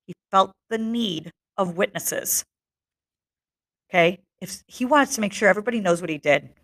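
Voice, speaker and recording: A woman's voice: medium pitch, moderate pace, fairly bright tone. A young woman teacher reading a novel aloud to her class, breaking off to explain in a casual tone and checking in with her listeners.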